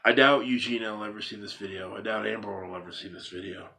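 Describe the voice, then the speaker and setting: A man in an earnest vlog monologue, his voice sitting on the low side. He repeats himself for emphasis and keeps pressing with rhetorical questions. A faint ambient hum sits behind him. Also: steady tone, fast, gravelly, sharp tone. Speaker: vlogger.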